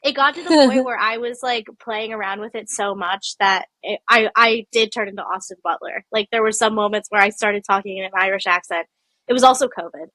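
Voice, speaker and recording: A woman co-hosting a podcast, chatting casually while sick with a cold, telling animated stories and often laughing. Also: medium pitch, brisk, no echo. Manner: animated storyteller, laughs often, quotes people in voices. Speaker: podcast co-host. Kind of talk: casual chat.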